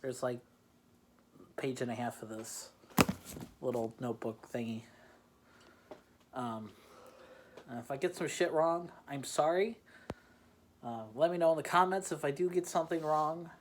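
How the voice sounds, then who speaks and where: Amid a noisy background, a man with a fairly high voice talks at a measured pace, leaving long pauses. He's hosting a casual beer-tasting chat from his Chicagoland home, rambling, laughing often and making fun of himself.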